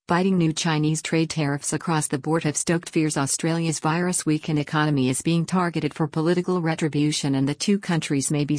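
A woman reading a news article aloud in an even, measured way. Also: sits low, no room sound, studio quality. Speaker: news reader.

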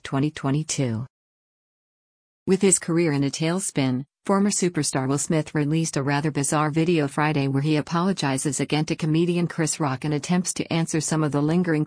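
A woman reading an opinion column aloud in a steady, measured way, leaning on rhetorical questions. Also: deep voice, no echo, clean studio sound. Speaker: article reader.

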